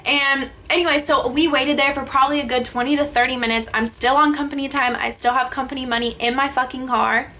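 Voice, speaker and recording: A young woman vlogger tells a story to her camera in an animated, exasperated way, with frequent swearing and many filler "likes". Her voice sits high and sounds bright. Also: a little fast, hardly any pauses, a little hiss or hum. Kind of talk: storytime vlog.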